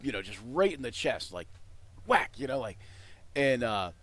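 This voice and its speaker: A man's voice: medium pitch, sing-song, normal speed, a bit bright. A man running a tabletop game as game master, rambling with many restarts and fillers.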